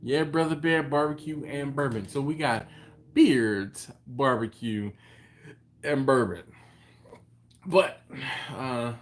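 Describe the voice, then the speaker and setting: A man's voice: medium pitch, slow pace, pauses often. A man hosting a live stream from home, casually greeting chat viewers by name and rambling between topics.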